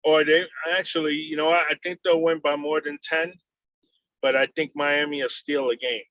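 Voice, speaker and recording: A man telling casual, animated stories about serving papers, laughing and swearing as he goes, over a video call. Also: fairly high pitch, moderate pace, dry recording. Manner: animated, laughing, swearing, acts out voices in anecdotes. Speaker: process server. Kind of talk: casual storytelling chat. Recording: dull, dry video call audio.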